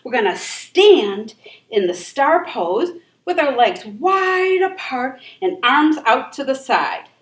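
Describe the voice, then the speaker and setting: Woman children's yoga instructor, high-pitched and sing-song, unhurried; recorded far off in a reverberant room. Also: big pitch swings. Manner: encouraging, gentle and sing-song. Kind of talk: leading a kids' yoga class. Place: library room.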